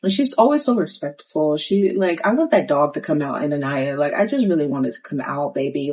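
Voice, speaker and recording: Speaking briskly with hardly any pauses, a deep-voiced young woman sassily recaps a reality dating show in animated slang. She mimics the cast's voices while quoting them, over a rough recording.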